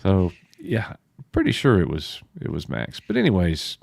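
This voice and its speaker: A man hosting a casual livestream chat, lively and quick to jump in with enthusiasm. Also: low-pitched, gravelly, dry recording, clean studio sound. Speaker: podcast host.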